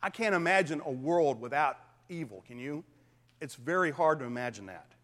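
A man preaching a sermon as a pastor, swinging from hushed whispers to loud, emphatic declarations. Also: a little high, animated, normal speed. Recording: long reverb of a large hall.

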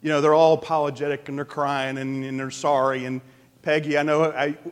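A man pastor delivering an animated sermon, asking the congregation questions. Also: fairly high pitch, brisk. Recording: long reverb of a large hall.

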